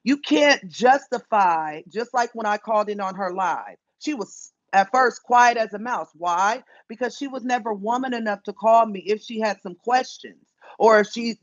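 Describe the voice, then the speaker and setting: A woman's voice: a little high, normal speed, dry recording. A woman hosting a casual livestream, talking bluntly and emphatically, with frequent swearing. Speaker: livestream host. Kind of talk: casual live-stream chat. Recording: dull, dry lo-fi phone audio.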